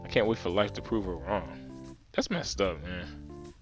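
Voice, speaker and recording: Low-voiced man reading a game casually. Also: unhurried, over music. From New Jersey. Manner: casual, jokey, stumbles over words. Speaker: let's play streamer reading a visual novel. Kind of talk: reading game text aloud with asides.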